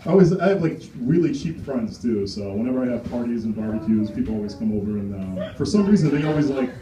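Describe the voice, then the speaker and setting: A young man doing an open-mic stand-up set, rambling and crude, halting with fillers and chuckles. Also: medium pitch, expressive, mellow. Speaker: stand-up comic. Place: small comedy club stage. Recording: roomy, distant mic with crowd noise. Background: crowd laughter and chatter.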